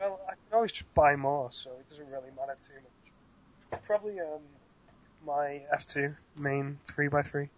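A man's voice: fairly high pitch, fairly even intonation, normal speed, a little hiss or hum. A man with a British accent, a podcast guest, chatting in a laid-back way with frequent laughter. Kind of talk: casual chat. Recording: dull lo-fi dry sound.

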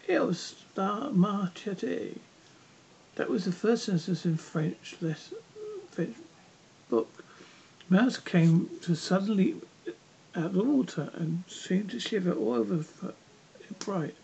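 A reader narrating a classic children's story aloud, halting with frequent slips and restarts. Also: medium pitch, expressive, gravelly, dark tone. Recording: dull lo-fi with faint noise.

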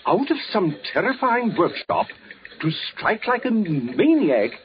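An actor reading out sensational news reports in a dramatic voice, in 1940s radio acting. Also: male voice, high-pitched, big pitch swings, measured pace. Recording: lo-fi old radio recording.

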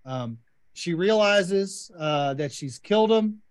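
Man, high voice, podcast host, casual book chat, eager, asks questions. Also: animated, takes it slowly. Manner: enthusiastic, leads the discussion with questions. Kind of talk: casual literary discussion.

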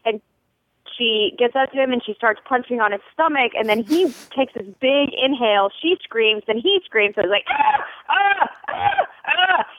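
A woman's voice: fairly high pitch, lively intonation, moderate pace, no echo. Chatty woman on a tinny phone line. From Nashville, United States. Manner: chatty storyteller who acts out voices. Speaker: caller leaving a voicemail. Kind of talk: voicemail message.

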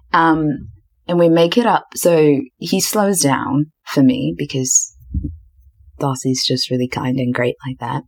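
Low-voiced chatty woman podcaster. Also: steady tone, takes it slowly, a little mellow. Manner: chatty, filler-heavy, self-described dramatic. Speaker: podcast host. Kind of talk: casual storytelling.

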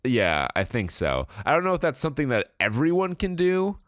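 A man's voice: mid-range voice, huge pitch swings, moderate pace, a bit bright, no room sound, clean studio sound. A man co-hosting a podcast in casual chat, rambling and sarcastic, swearing freely. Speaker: podcast co-host.

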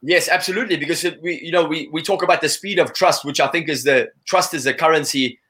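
Fast, bright-voiced man talking energetically. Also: on the high side. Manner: energetic, repeats "you know" often. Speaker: interview guest. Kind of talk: casual conversational interview.

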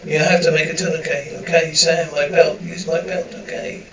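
A man's voice: a little high, level tone, normal speed, noisy background, lightly acted. Man reading an injured young woman, strained, pained, echoey and distant. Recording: roomy, distant, muffled recording.

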